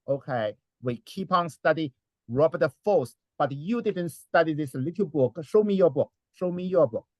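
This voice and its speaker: A man's voice: a little high, no echo. Man teacher giving feedback in broken English. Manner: encouraging, slightly broken English. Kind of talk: classroom feedback.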